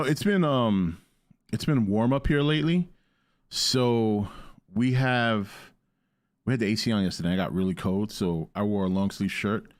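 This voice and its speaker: A man chatting playfully on a live stream, joking around and talking to his dog. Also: on the low side. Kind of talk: casual live stream chat.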